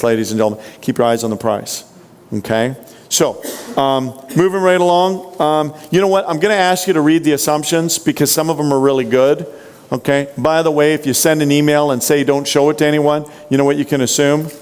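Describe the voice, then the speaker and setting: A man's voice: fairly high pitch, fairly quick, a little mellow, clear, resonant tone. A man giving a motivational sales training talk, punchy and full of rhetorical questions to the audience. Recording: long hall reverb.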